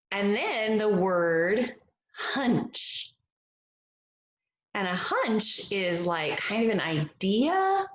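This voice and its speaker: A woman reading a picture book aloud as a phonics lesson, gentle and encouraging, stretching out the vowel sounds. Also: fairly low pitch, roomy sound. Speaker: reading teacher.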